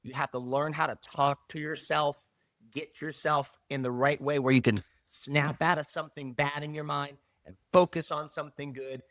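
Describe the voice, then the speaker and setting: A middle-aged man, a jiu-jitsu academy owner, talking in a casual interview with emphatic, animated delivery and repeated key phrases. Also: fairly high pitch, normal speed, no echo.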